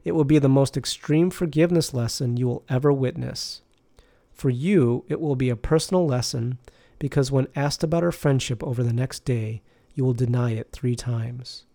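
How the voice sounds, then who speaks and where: A man voicing a serene, patient male spiritual teacher who speaks slowly and tenderly, like preaching. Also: medium pitch, gravelly, dark tone, no room sound, close to an everyday voice.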